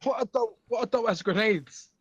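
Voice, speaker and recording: A man's voice: high voice, moderate pace, a bit bright, slightly rough, highs cut off. A man joining a tabletop game as a new player over a voice call, hesitant and repeating words as he chats. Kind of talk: casual chat while making a character. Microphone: online voice call.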